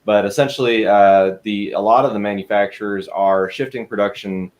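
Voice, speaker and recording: Man from Michigan, guest, earnest, measured, lowish voice. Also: steady tone, muffled recording. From Michigan, USA. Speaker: guest, industrial marketing. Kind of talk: interview answers.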